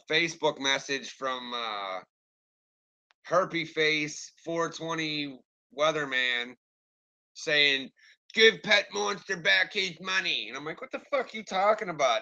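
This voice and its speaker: A man's voice: medium pitch, pushed and bright, smooth, dull audio. A man ranting on a live stream and answering his chat, angry, rambling and swearing constantly. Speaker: livestreamer talking to chat.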